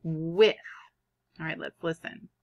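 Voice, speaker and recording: A woman teaching a kindergarten reading lesson, sounding out words in an animated, drawn-out way. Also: sits low, vocal fry, highs cut off. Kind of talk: online phonics lesson for young children.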